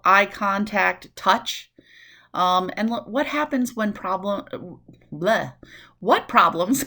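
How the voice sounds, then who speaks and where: Lively New woman lecturing. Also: mid-range voice. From New York City. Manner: lively, acts out quick voices and asides. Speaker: nursing instructor. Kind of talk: recorded lecture.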